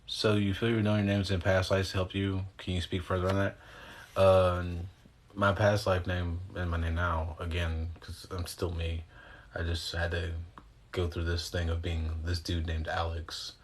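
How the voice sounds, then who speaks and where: A man's voice: low voice, level tone, measured pace, a little hiss or hum. A man chatting casually on a livestream, rambling in loose slang with some swearing, answering viewer questions and guiding breathing exercises, speaking into a phone. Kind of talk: casual livestream chat and guided breathing instruction.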